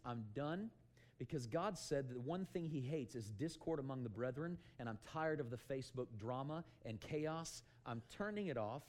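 A man preaching a sermon in an animated way, acting out little scenes, calling for amens and sometimes shouting. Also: mid-range voice. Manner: animated, shouts for emphasis and acts out quotes; calls for amen often.

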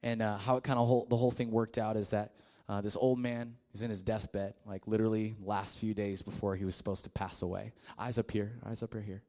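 A man preaching to a youth group in a casual, conversational way, sometimes dropping to a hushed voice for a story. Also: fairly low pitch, level tone, fairly quick, few pauses. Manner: casual and conversational, with fillers and restarts; drops to a quiet, hushed voice in the story. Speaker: youth pastor.

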